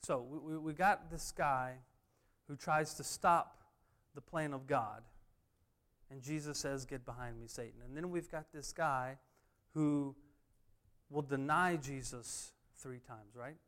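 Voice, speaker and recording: A man preaching a sermon, his voice sitting somewhat high for a man. He hammers home his points with repeated refrains and an emphatic, earnest delivery. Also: slow, a bit bright. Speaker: pastor.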